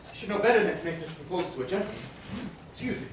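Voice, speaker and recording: A woman playing a prim, easily shocked gentleman on stage, speaking in a stiff and indignant way. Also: lowish voice, expressive, rapid-fire, a little hiss or hum, natural voice. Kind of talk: stage play performance. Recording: echoey hall from far off.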